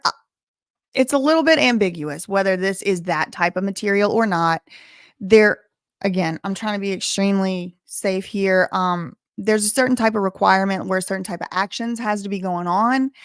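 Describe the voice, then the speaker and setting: A woman's voice: mid-range voice, no echo, clean studio sound. A woman with a Southern American accent hosting a casual livestream, thinking aloud with lots of fillers. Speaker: livestream host.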